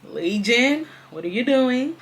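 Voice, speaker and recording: A woman's voice: a little high, animated, takes it slowly. A woman in her twenties from Houston, Texas, telling a dramatic storytime to her viewers, swearing freely and calling them y'all. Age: 20s. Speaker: storytime vlogger. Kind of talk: casual storytelling to camera.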